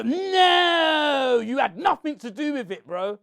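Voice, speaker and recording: A man, shouting and confronting someone in a heated rant to camera. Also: very high voice, sing-song, slow pace. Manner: shouting, confrontational, repeats "bro". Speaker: online commentator.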